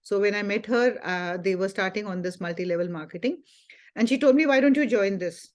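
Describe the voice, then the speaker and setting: A woman's voice: medium pitch, brisk. A woman, a wellness teacher giving a Sunday talk, telling a personal story earnestly with many fillers. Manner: earnest storytelling with frequent fillers and quoted dialogue.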